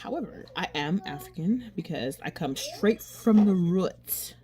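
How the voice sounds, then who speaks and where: A woman's voice: fairly low pitch, animated, unhurried, dark tone. Rambling, candid woman chatting. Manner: rambling and candid, with frequent swearing; restarts and repeats herself often. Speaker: beauty vlogger. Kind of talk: casual chat while doing makeup.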